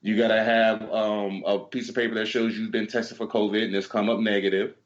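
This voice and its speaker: A man co-hosting a casual podcast, talking fast and running his stories together with a fairly low voice. He swears freely and acts out both sides of each exchange. The audio is dull and lo-fi. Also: level tone. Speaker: podcast co-host. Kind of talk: casual chat, storytelling.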